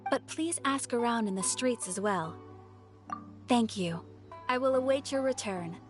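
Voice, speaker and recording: A woman's voice: fairly high pitch, unhurried, natural voice. An actress playing a polite, formal female investigator. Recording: game music underneath.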